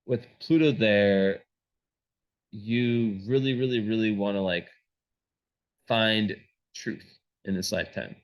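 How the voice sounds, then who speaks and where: A man's voice: lowish voice, dull audio. A man giving a casual astrology reading, rambling with many fillers and restarts.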